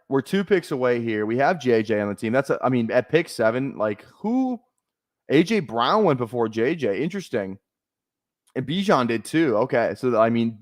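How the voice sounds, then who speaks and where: A man's voice: medium pitch, no room sound, clean studio sound. A man streaming casually, thinking aloud in a rambling way with lots of fillers. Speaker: fantasy football streamer. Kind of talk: casual live-stream commentary.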